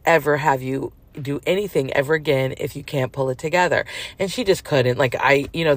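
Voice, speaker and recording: A woman's voice: extremely low pitch, creaky. A middle-aged woman telling a long personal story in a casual, frank, rambling way with many fillers.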